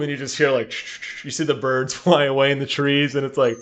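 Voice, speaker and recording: A young man co-hosting a gaming podcast, telling a story in an animated way and laughing often. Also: medium pitch, fast. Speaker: podcast co-host. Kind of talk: casual chat.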